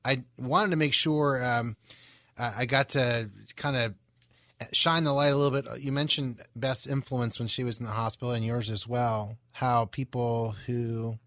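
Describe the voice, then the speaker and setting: A man's voice: mid-range voice, steady tone, measured pace, no room sound. A male radio talk show host, reading station promos and responding to his guest with brief affirmations. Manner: affirming, brief interjections, warm-up reads. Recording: dry studio with faint music bed.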